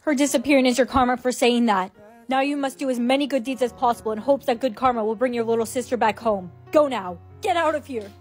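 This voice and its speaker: A woman's voice: on the high side, quick pace, faint music behind, pitched below the performer's own voice, close to an everyday voice. A woman playing a strict mother and teacher who lectures firmly. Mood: stern. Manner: lecturing, firm.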